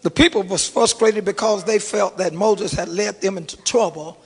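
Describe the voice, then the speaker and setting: A middle-aged male pastor preaching in a big church hall, his voice very high for a man, with a gravelly edge. He drops to a hush and then rises to a shout, calling out to the congregation, while long reverb trails behind each phrase. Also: moderate pace. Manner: preaching with call-and-response, swinging between hushed and shouted. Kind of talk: sermon. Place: church sanctuary.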